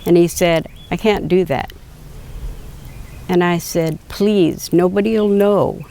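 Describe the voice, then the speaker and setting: An older woman slowly recounting a personal story, quoting others with frequent hesitations and fillers. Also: lowish voice, fairly even intonation, gravelly, mellow. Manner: slow, reflective, quoting dialogue with hesitations. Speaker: patient telling her story.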